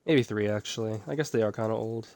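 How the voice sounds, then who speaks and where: A man's voice: fairly low pitch, quick pace, darkish tone. Laid-back, self-deprecating young man. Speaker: podcast co-host. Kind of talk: casual chat.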